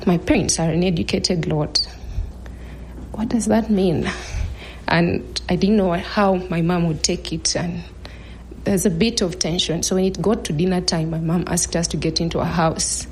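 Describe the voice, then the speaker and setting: Woman in her thirties, earnest storyteller, measured delivery, lowish voice, faint background noise. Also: fairly even intonation, darkish tone. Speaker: speaker telling her own story. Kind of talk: personal storytelling talk.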